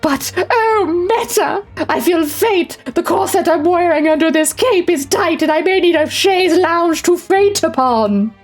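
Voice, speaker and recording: A woman's voice: very high voice, a little slow, few pauses, faint music behind, voice pushed up. A woman voicing a young woman playing a melodramatic, prim duchess, theatrical and pleading. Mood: swooning.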